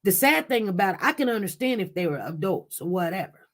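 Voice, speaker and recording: Talking fast in a mid-range, sing-song voice, this woman hosts a casual news livestream. She addresses the chat directly, sounding impassioned and repeating herself often.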